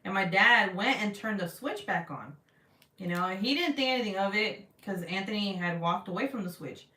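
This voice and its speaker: Woman, thirties, livestream host, casual chat, profane, animated storyteller, distant mic, echoey room. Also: mid-range voice, moderate pace.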